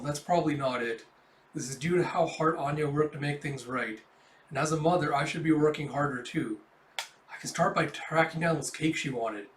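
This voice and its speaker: A man's voice: a little high, close to an everyday voice. A man voicing a fretful, earnest young mother talking herself through her worries, with an echoey room and the mic at a distance. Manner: fretful inner monologue. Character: anxious, earnest young mother, secretly a fighter.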